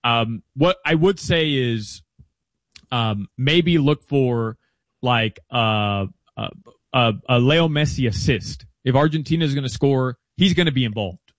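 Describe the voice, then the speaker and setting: A man chatting as a guest analyst about soccer betting, chatty and animated with quick asides. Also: mid-range voice, dry recording. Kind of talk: casual interview chat.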